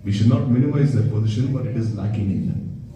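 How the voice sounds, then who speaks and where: A man's voice: lowish voice, quick pace, dark tone, dull audio. A man giving a devotional sermon as a spiritual teacher, telling stories and asking his listeners rhetorical questions. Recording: very echoey room, distant mic.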